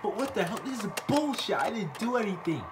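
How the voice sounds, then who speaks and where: A man voicing a loud whiny cocky shark. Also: high voice, animated, a little fast, noisy background. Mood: protesting. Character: brash cocky male shark, thinks he's invisible.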